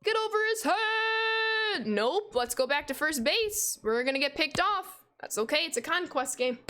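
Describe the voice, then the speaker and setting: A young American woman in her twenties chats loudly on a gaming livestream, her voice sitting a little high for a woman. She talks freely and laughs easily while she reads her viewers' messages aloud. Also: lively intonation, normal speed, faint music behind. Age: 20s. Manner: loud, chatty, reads chat aloud and laughs. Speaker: gaming streamer. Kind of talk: casual livestream chat while playing.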